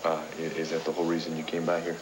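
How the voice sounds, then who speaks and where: An actor playing an easygoing young photographer who stammers a little, in a 1980s TV soap. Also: male voice, a bass voice, monotone, racing. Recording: noisy TV broadcast recording.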